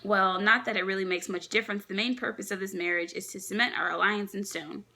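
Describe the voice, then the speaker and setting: A woman's voice: medium pitch, fairly even intonation, fast, gravelly, bright, forceful tone. A woman reading aloud as a giant female pirate matriarch, bossy and cheerfully menacing, with a laugh. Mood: jolly.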